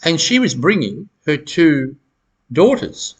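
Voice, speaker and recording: Husky-voiced man giving advice. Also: on the high side, sing-song. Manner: halting, repeats words, chuckles often. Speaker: self-help educator. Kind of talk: advice monologue to camera.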